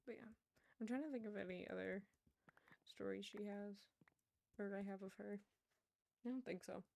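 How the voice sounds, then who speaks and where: A woman streamer chats casually as she plays, rambling and laughing often, through a wired earbud headset mic. Her mid-range voice has vocal fry and a darkish tone, at normal speed.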